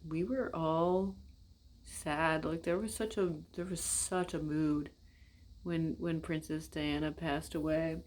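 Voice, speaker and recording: A woman's voice: low-pitched, fairly even intonation, slow, darkish tone. An American woman vlogging in casual, blunt, rambling talk, swearing and speaking straight to her viewers. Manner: blunt, rambling and profane, addresses viewers directly.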